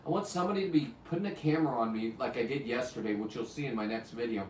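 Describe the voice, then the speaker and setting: A man in his fifties hosts a live show, rambling bluntly and profanely in live-stream chat. His medium-pitched voice races along, with slight background noise, and the sound is roomy with a distant mic and faint ambience.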